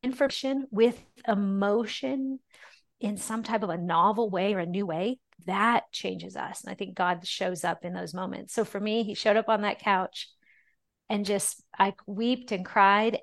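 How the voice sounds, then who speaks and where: A middle-aged woman, a podcast guest, telling her faith story in an earnest, emotional way. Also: mid-range voice. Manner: earnest and emotional, often slowing down and softening. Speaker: podcast guest, ministry founder. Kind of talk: personal testimony in a podcast interview.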